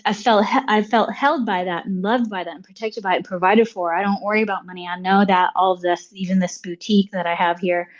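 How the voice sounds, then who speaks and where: A woman guest telling a personal story in conversation, animated and full of fillers like "like" and "you know". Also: mid-range voice, lo-fi sound. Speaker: podcast guest.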